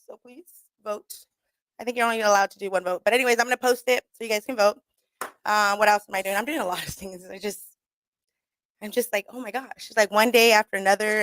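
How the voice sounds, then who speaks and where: A woman's voice: medium pitch, a bit bright, no echo. Laughing, swearing woman radio host. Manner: laughing often, swearing, storytelling with quoted asides. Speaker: radio show host and comedian. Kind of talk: casual rambling monologue. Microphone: studio microphone.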